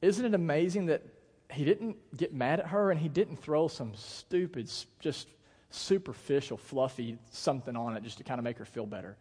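A man's voice: fairly high pitch, expressive, moderate pace, darkish tone, slightly rough, big-room sound. An American man, a pastor, giving a sermon in a casual, conversational way with lots of fillers. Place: church auditorium.

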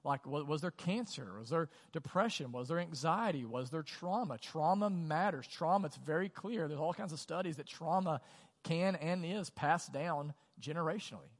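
A middle-aged pastor preaches in a casual, conversational way, firing off rhetorical questions and easing into quieter, earnest stretches. His voice sits a little high for a man. The sound carries the long reverb of a church auditorium. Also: moderate pace. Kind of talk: sermon. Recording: long reverb of a large hall.

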